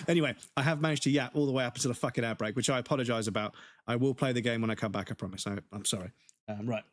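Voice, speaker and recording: A man's voice: medium pitch, steady tone, racing. A man with an English accent chatting casually on a live game stream, ranting with swearing and laughing asides.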